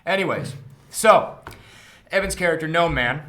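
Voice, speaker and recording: Young male game master, rambling and profane, slightly high voice. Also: moderate pace, fairly bright tone. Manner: rambling, stumbling, swearing, laughing often. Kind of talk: casual stream chat running a tabletop game.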